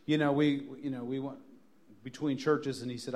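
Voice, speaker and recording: Joking, emphatic preacher with a fairly high voice. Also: male voice, fairly even intonation, quick pace. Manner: joking storyteller who builds to emphatic repeated lines. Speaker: pastor. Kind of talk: sermon. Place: church sanctuary.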